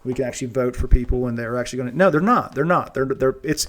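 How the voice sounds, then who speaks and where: A man's voice: mid-range voice, quick pace. A man hosting a casual monologue show, rambling and earnest, often restarting and repeating words. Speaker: podcast host.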